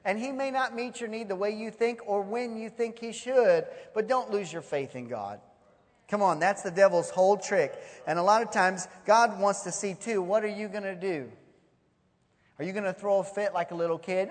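High-voiced preacher in a big echoing hall. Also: male voice, normal speed. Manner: animated storytelling, acts out voices. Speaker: pastor. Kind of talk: sermon. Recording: long hall reverb.

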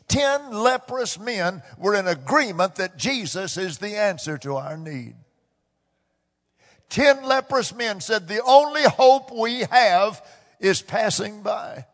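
A high-pitched man preaches at an unhurried pace from the pulpit of a church. His voice rises into loud, shouted peaks and falls back again. The sound carries a long reverb from the large hall around him. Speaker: pastor. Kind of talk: sermon. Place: church sanctuary.

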